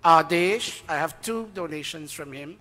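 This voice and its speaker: A man's voice: a little high, a little slow, bright, forceful tone. A man reading out donor names to a temple gathering in a chatty way, stopping to ask the audience and admitting when he forgets names. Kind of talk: informal announcements to a congregation. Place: temple hall. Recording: reverberant hall.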